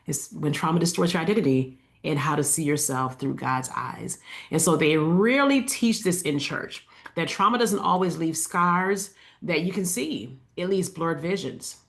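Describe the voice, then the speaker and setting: A woman speaking as a faith-based life coach in a casual inspirational talk to the camera. She talks conversationally, with fillers and asides to her viewers, and repeats key lines slowly for emphasis. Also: low voice, animated, vocal fry.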